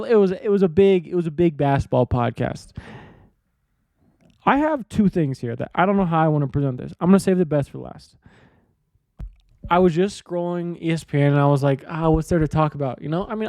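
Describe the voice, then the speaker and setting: A man's voice: on the high side, vocal fry, darkish tone, dry recording. Laid-back swearing male podcast host. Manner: rambling, profane, offhand. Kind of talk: casual sports podcast monologue.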